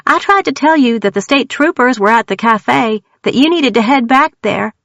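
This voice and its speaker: Woman voicing an older mother, scolding, shrill, exasperated questions, dull lo-fi sound. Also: animated, normal speed, fairly bright tone, no echo.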